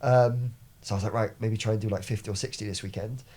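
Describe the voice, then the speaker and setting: Fast-talking young man, rambling. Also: lowish voice, steady tone, warm tone. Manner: fast, rambling storytelling with frequent swearing and restarts. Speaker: podcast guest, business owner. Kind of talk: casual chat.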